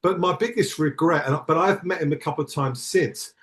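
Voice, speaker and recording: A man's voice: a little high, a little fast, a bit bright. A middle-aged man, a tour manager guest on a podcast, chatting casually in a reflective, rambling way with many restarts. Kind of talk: casual chat.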